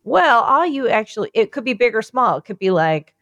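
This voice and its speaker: A woman's voice: on the high side, a little fast, dry recording. Rambling, cursing woman podcast co-host. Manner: rambling, excitable, swears freely. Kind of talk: casual chat.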